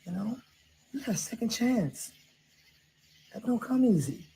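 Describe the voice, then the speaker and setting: A woman's voice: on the high side, expressive, measured pace, mellow, slight background noise, rough recording. A woman playing an outspoken middle-aged woman who gives her cousin blunt, preachy advice in a comedy sketch. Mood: heartfelt advice. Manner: sassy, preachy, laughs through advice.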